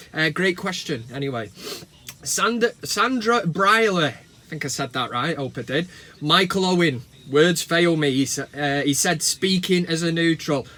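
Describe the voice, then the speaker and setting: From Manchester, a fan channel host with a Mancunian accent talks into his camera at home, trading sweary, cheeky banter over viewer comments. His voice is high with a sharp tone, captured by a camera mic in this casual football vlog.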